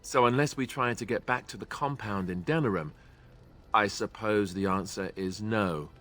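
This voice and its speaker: A man's voice: fairly low pitch, normal speed, fairly bright tone, natural voice. An actor with a British accent playing a young male Grey Warden, a former templar with a dry, self-deprecating and hesitant way of talking. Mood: wry. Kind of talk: video game dialogue.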